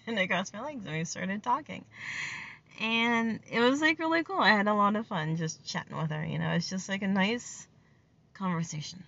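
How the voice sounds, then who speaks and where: Woman, casual storytelling, rambling, lively pitch, lo-fi muffled sound. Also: normal speed, creaky. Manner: chatty, rambling, with lots of fillers and laughs. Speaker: vlogger.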